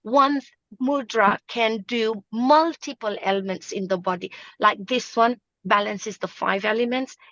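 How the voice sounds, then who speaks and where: A woman's voice: a little high, measured pace, a bit bright, no echo, lo-fi sound. Emphatic woman teaching mudras. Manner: emphatic, instructive, repeats points. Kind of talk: live online talk show.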